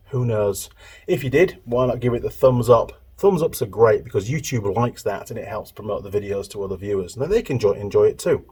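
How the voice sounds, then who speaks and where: A middle-aged man from the UK speaks briskly and expressively, his voice on the low side, mellow and husky. He's a mechanic and workshop YouTuber walking through the tools in his home workshop, chatty and rambling, often correcting himself.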